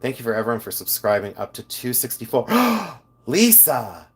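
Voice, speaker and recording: A man's voice: on the low side, steady tone, fast talker. A man hosting a live stream, chatting casually, joking and reading viewer comments aloud. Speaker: live stream host reselling buttons.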